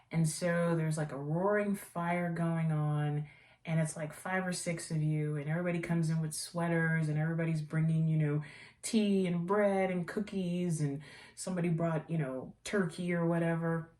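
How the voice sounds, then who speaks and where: A woman with a lowish voice hosts a casual, chatty tea vlog, rambling happily and gushing with warm-hearted enthusiasm over products she loves. She sits back, far from the mic, and the room adds a noticeable echo.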